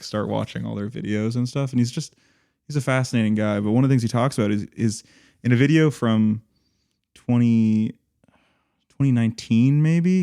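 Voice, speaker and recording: Gravelly-voiced man chatting on a podcast. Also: lowish voice, dark tone. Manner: rambling, with many "like" fillers and restarts. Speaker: podcast co-host. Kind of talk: casual podcast conversation.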